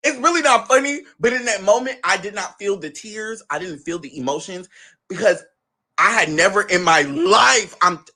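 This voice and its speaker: Bright, animated young man telling a story. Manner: expressive, profane, dramatic, quick swings of pitch. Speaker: storyteller, show guest.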